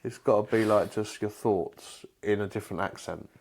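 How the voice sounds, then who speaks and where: A man co-hosting a casual chat podcast, talking in a halting way with lots of restarts and swearing. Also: on the low side, steady tone, slight background noise. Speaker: podcast co-host.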